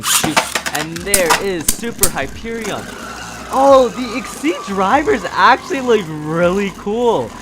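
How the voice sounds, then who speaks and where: A man hosting a casual toy unboxing and review, eager and excitable, laughing often and restarting his sentences. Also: sits high. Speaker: toy reviewer and channel host.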